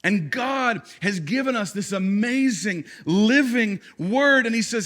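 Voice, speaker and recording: A man in his thirties, a pastor preaching a sermon in a conversational way, with halting restarts and acted-out quotes. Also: high voice, lively intonation, a bit bright.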